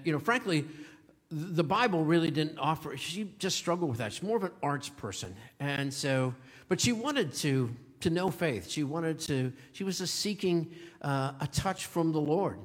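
A man's voice: on the high side, fairly bright tone. A male pastor preaching a sermon in a conversational, storytelling way, chuckling now and then. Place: church sanctuary. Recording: long hall reverb.

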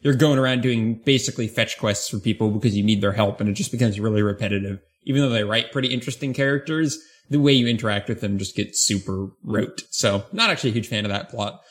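A man hosting a podcast in casual chat, relaxed, with dry humor. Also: lowish voice, fast talker, few pauses. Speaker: podcast host.

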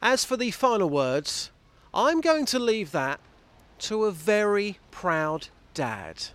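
A man's voice: sits high, very animated, takes it slowly, a bit bright, clean tone. Dry, jokey radio presenter man. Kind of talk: scripted comic farewell segment.

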